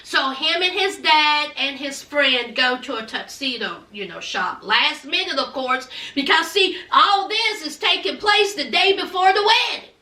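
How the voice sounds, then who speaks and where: A woman's voice: animated, measured pace, few pauses, sharp tone, reverberant, distant mic. A woman hosting a reality TV recap in a casual, sassy chat, calling viewers y'all and honey and acting out quotes with big swings in her voice. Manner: acts out quotes with big swings in pitch and volume.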